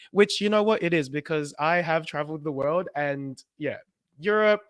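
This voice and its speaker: A playful man co-hosts a podcast, laughing often and reacting with quick exclamations. His fairly high voice is smooth and clear, heard in a dry room. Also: fairly bright tone, dry recording. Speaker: podcast co-host. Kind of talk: casual chat.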